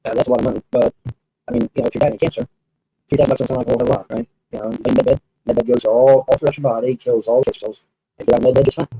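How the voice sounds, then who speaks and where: A man's voice: mid-range voice, fairly even intonation, rapid-fire, mellow, dry recording, low-quality recording. A man telling stories in a rambling casual monologue, repeating himself and swearing freely. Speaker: storyteller recounting experiences.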